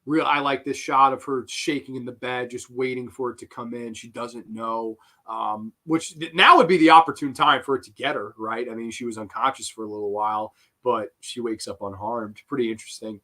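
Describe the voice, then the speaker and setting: A man's voice: medium pitch, fairly even intonation, a little fast, few pauses, pushed and bright. A young man giving rambling, profane live commentary on a horror film and breaking into giggling fits.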